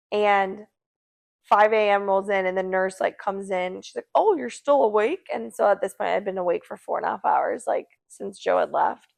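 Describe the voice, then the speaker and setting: A young woman co-hosting a podcast tells a story casually in a mid-range, creaky voice. She's animated and acts out the voices of the people she quotes.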